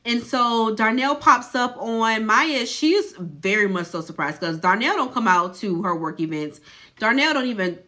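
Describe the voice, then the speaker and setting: A woman host recaps a show in a relaxed, gossipy storytelling voice. Her tone is bright and clear, and her talk is loose and colloquial, as if she is telling a friend the latest drama. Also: on the high side, normal speed. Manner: chatty and colloquial, lively gossip tone. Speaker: video host recapping a TV episode.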